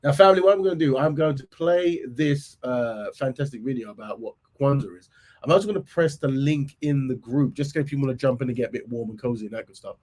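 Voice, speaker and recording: A man, hoarse from a cold, talks his way through a livestream with an average-pitched voice. He chats loosely, mutters asides and lets his sentences trail off. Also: fast, darkish tone. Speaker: livestream host. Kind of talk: casual live commentary.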